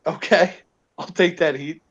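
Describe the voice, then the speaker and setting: Low-voiced, teasing woman co-host. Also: fairly even intonation, unhurried, breathy edge, dull audio. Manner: teasing, playful. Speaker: stream co-host. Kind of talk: casual chat.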